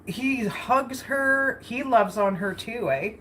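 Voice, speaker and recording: A woman's voice: a little high, slow, fairly bright tone, a little hiss or hum. A woman chatting casually while cooking in her home kitchen for a vlog, rambling and laughing often. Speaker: vlogger.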